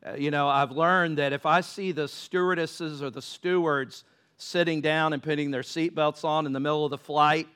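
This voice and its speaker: A man's voice: on the high side, steady tone, moderate pace, fairly bright tone, clean tone. A man preaching a sermon, conversational and rising into impassioned pleas. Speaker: pastor.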